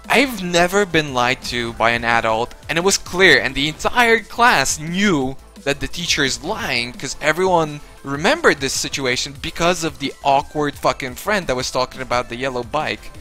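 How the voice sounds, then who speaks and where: A man's voice: fairly high pitch, expressive, moderate pace, sharp tone, soft background music. A young man casually telling a rambling, profane story, acting out what others said. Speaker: vlogger.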